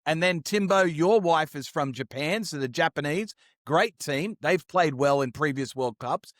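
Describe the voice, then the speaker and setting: A man's voice: a little high, animated, unhurried, dry recording, studio quality. A man co-hosting a sports podcast, chatting upbeat and slangy about the week's games. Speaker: podcast co-host. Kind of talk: casual sports chat.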